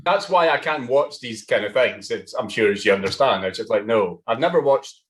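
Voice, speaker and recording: A man's voice: mid-range voice, lively intonation, moderate pace. A man guesting on a live panel podcast, hesitant and sheepish with a dry wit. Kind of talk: casual panel chat.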